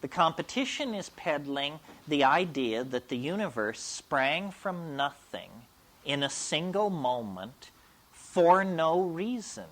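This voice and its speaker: A man's voice: fairly high pitch, fairly bright tone. A man giving a public lecture in a provocative, emphatic and wry way.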